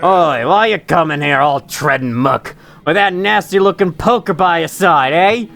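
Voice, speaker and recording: A man voicing a gruff, slangy male bug hermit in a put-on Australian accent. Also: fairly high pitch, moderate pace, fairly bright tone. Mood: suspicious. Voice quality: rough, slangy drawl.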